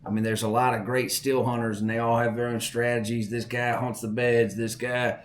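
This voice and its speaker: A man from Southern Virginia with a Southern accent, hosting a podcast and telling hunting stories in a folksy, animated way. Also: mid-range voice, moderate pace. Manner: folksy, animated, repeats words while telling a story. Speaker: podcast host. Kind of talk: casual storytelling.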